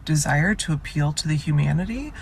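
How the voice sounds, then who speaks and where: A woman's voice: deep voice, lively intonation, a little fast, gravelly, background noise. A woman speaking earnestly and a little choked up, sharing her admiration for what she has just watched. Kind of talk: emotional commentary on a video call.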